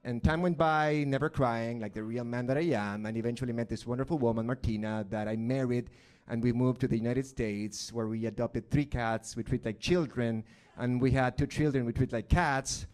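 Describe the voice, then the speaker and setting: A middle-aged man from Argentina, telling a deadpan, dark personal story in stand-up. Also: mid-range voice, normal speed. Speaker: stand-up comedian. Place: live comedy stage.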